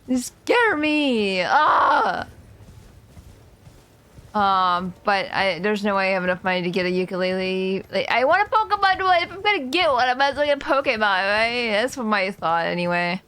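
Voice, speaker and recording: A woman streaming a game, chatting casually, humming to herself and yelling at enemies. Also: mid-range voice, lively intonation, brisk, hardly any pauses, clear, resonant tone. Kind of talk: casual gameplay commentary.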